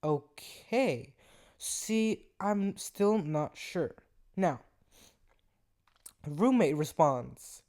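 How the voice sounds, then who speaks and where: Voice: mid-range voice, slow, darkish tone. A young adult podcast host giving casual commentary while reading out messages, sarcastic, profane and incredulous.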